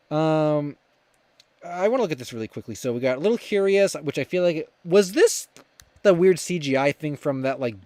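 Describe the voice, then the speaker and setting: Lively rambling young male streamer. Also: fairly high pitch, no echo. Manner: rambling, many fillers and restarts, reads chat aloud. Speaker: livestream host. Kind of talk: casual livestream chat.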